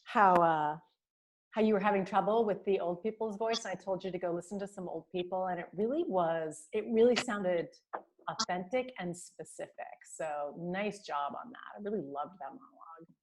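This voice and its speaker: A woman's voice: fairly low pitch, normal speed. A woman teaching a voice and diction class, giving students feedback on their monologues over a video call, praising them with many fillers and small laughs.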